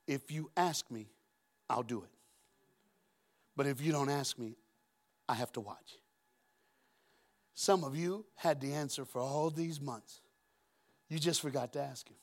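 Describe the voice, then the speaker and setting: A man preaching a sermon in a church, storytelling with humor and acting out voices from the Bible. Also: medium pitch. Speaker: guest preacher. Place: church auditorium.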